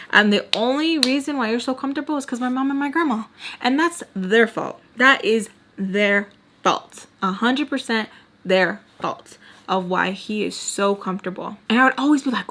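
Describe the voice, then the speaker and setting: A woman's voice: on the high side, normal speed, a bit bright. A woman in her twenties telling a personal story casually on her channel, heated and profane, rambling with lots of fillers.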